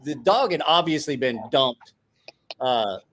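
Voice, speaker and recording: A middle-aged man from a small rural town, hosting and telling profane, animated stories in casual chat. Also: a little high, unhurried, slight background noise. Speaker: host.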